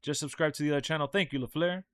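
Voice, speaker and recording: Male game streamer, casual chat, joking, fairly high voice, dry sound. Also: very fast, smooth, no echo. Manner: loose, joking and self-mocking. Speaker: gaming streamer.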